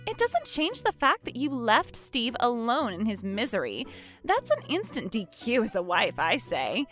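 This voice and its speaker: A woman's voice: a little high, huge pitch swings, measured pace, fairly bright tone, faint music behind, heavily acted. A woman voicing a brazen young mistress who mocks and laughs at the wife she has wronged. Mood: scornful. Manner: laughs at others, sing-song and scornful. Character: brazen mocking young mistress, smug and taunting.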